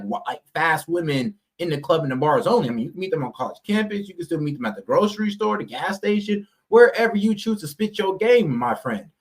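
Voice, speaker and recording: A male podcast guest arguing casually in a loose, slangy way, often saying bro. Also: high-pitched. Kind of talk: casual debate.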